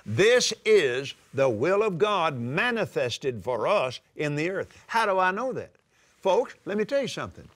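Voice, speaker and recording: An older man preaching a sermon, emphatic and drawing out scripture quotes slowly. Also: on the high side, very animated, fairly bright tone. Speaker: televangelist preacher. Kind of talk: sermon-style teaching.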